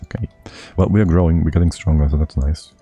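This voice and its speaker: A man's voice: rumbling low, quick pace, dark tone, husky, dull audio, soft background music. A man streaming a strategy game live, thinking aloud and muttering to himself as he plays.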